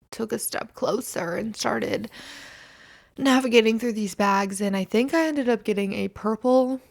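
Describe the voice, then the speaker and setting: Her voice sits on the high side with some vocal fry as this twenty-something woman, nursing a hangover, runs her laid-back solo podcast. She talks in circles, mocks herself, and curses without holding back.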